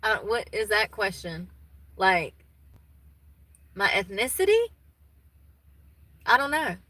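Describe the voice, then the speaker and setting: This Southern US woman in her thirties chats casually and folksily with her live viewers, laughing easily. Her mid-range voice is very animated, slow, bright and forceful. There's no room sound, and the recording quality is low.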